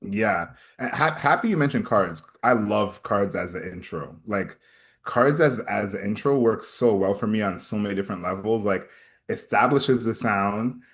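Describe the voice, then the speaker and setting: A man's voice: lowish voice, lively intonation, moderate pace, fairly bright tone. A man co-hosting an album review show, talking enthusiastically and repeating words as he builds his points. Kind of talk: casual music review chat.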